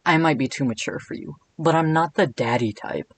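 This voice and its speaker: A smug, seductive cat king purrs his come-ons in a low, soft, drawn-out voice, as a man puts on an actor's impression. Every line leans in as a flirt. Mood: teasing.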